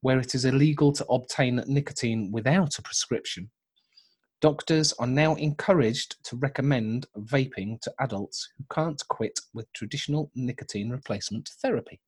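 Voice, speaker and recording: A man's voice: mid-range voice, normal speed, husky. A man co-hosting a podcast, chatting casually and rambling through jokes and restarts. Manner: rambling, joking, with many restarts. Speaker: podcast co-host. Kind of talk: casual chat.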